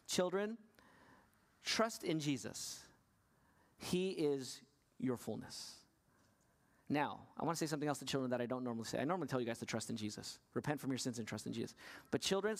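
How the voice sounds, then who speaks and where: Preaching a sermon, a man questions his congregation, his voice falling quiet and gentle before climbing to a high, insistent pitch.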